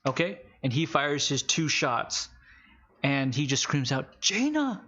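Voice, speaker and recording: A man running a tabletop game as game master, narrating with wry, halting asides. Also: medium pitch, steady tone, pushed and bright, lo-fi sound.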